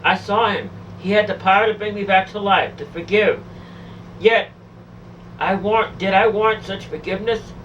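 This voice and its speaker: A woman's voice: mid-range voice, normal speed, a bit bright, far from the mic, highs cut off, a little hiss or hum. A woman telling a first-person testimony of a near-death experience, pleading, emotional and repetitive.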